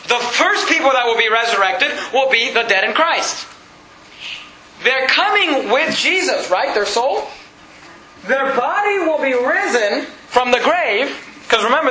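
Preacher guy reading scripture, piercing bright voice, lots of rhetorical questions, faint room noise. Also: extremely high pitch. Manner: emphatic, rhetorical questions, reads scripture aloud. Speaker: pastor. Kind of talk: sermon. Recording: echoey hall.

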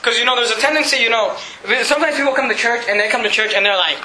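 A man's voice: very high voice, very fast, hardly any pauses, echoey room, slight background noise, rough recording. A male pastor in his thirties preaching a sermon, acting out the characters of a Bible story. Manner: animated, acts out Bible characters' voices. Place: church.

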